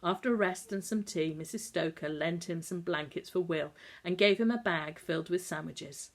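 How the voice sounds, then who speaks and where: A woman narrating an audiobook in a calm, even storytelling manner. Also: lowish voice, normal speed. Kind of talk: audiobook reading.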